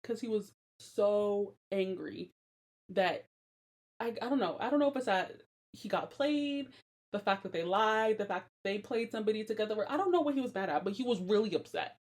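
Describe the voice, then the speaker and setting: A young woman hosting a podcast, giving casual commentary on a Bible story, animated and slangy and laughing often. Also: medium pitch, moderate pace. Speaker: podcast host.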